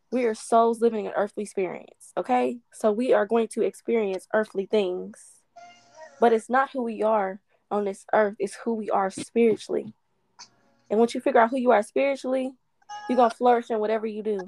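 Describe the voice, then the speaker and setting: A woman's voice: fairly high pitch, steady tone, a little fast, darkish tone, no room sound. A woman, talking in a casual spiritual chat, emphatic and encouraging. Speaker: guest.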